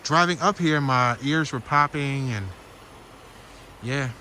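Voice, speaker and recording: With a Philadelphia accent, a man narrates a walking tour as he strolls down a small-town street outdoors, chatting with viewers and thinking aloud. His medium-pitched voice is bright and forceful, and he takes it slowly. A flowing stream and passing traffic make the outdoor recording noisy.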